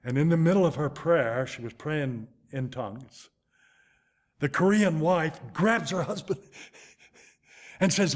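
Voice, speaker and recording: An older man preaching a sermon, telling a story with animated, dramatic swings in loudness and pace. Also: fairly high pitch, unhurried, pauses often.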